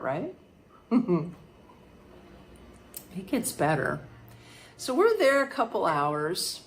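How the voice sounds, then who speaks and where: A woman hosting a podcast, telling a personal story in a casual, animated way, laughing often and imitating sounds. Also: on the low side, a little hiss or hum. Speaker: podcast host.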